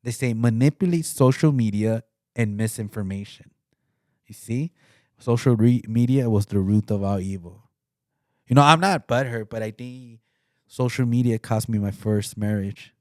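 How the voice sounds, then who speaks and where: A man co-hosting a casual podcast, talking at a middling pitch. He rambles, stumbles over repeated words and breaks into laughter as he goes. The sound is dry and close. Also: moderate pace, no room sound. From came to Utah. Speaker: podcast co-host. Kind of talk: casual chat.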